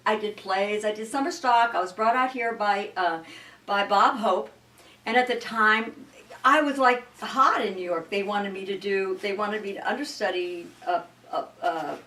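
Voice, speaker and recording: Older woman from Iowa, roomy distant sound. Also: mid-range voice. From Sioux City, Iowa, US. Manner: halting, restarts sentences, lively storytelling. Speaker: guest, actress. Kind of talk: rambling interview chat.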